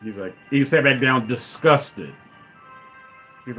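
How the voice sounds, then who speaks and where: A man talks loosely and enthusiastically through a film scene, restarting sentences and dropping into short acted lines. His pitch sits in an ordinary middle range. Faint music plays behind him. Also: fairly bright tone. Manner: rambling and enthusiastic, acts out dialogue in quick voices. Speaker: podcast host. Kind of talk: casual movie commentary.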